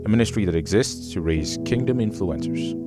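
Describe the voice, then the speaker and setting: Deep-voiced man announcing over guitar. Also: animated, brisk. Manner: smooth, formal announcing. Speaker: church announcer. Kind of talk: scripted welcome intro. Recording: voice over loud guitar music.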